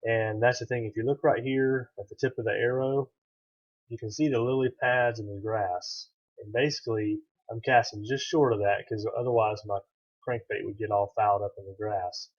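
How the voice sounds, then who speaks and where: A man giving a calm, instructive voice-over that explains his fishing technique. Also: lowish voice, moderate pace, slightly rough, dull audio. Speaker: fishing channel host.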